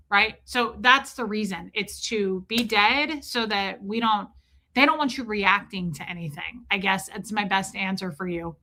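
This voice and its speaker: A woman's voice: mid-range voice, measured pace. A woman in her forties hosting a livestream, telling a personal story frankly with lots of "like" and "right?". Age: 40s. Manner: frank and animated, swears, frequent "right?" and "like". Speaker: livestream host.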